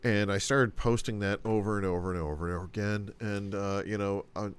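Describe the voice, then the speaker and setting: A man's voice: fairly low pitch, steady tone, fairly quick, clean tone. A man co-hosting a political podcast, chatting casually with wry, mocking banter. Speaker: podcast co-host.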